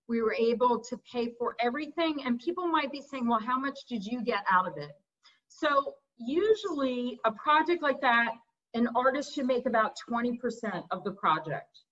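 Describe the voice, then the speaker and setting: A woman's voice: a little high, a bit bright. A middle-aged woman giving a casual, candid art lecture over a video call, laughing at her own stories. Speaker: visiting artist lecturer. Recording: muffled video call audio.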